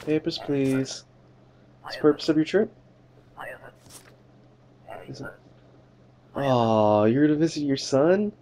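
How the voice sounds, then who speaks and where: Slow-talking man joking through a game. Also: fairly high pitch, lively intonation, mellow, a little hiss or hum. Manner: jokey, swears and laughs, talks to the game characters. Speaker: gamer doing a let's play. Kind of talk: casual game commentary, playing a border inspector.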